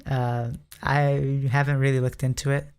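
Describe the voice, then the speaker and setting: Smooth, even-voiced man whose voice cracks. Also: mid-range voice, a little slow. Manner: voice prone to cracking. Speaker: podcast co-host. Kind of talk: casual chat about video games.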